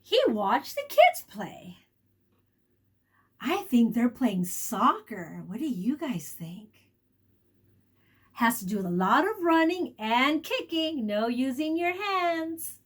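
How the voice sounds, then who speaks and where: High-pitched and breathy, a woman teacher reads a picture book slowly to young children. She tells the story with warmth and animation, asking them questions along the way.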